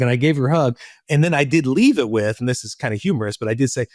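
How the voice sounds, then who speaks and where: A man's voice: mid-range voice, brisk, no room sound, studio quality. A middle-aged man co-hosting a parenting podcast in casual chat, telling stories and acting out quotes. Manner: storytelling, acts out quotes with lively voices. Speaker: podcast co-host and parenting coach.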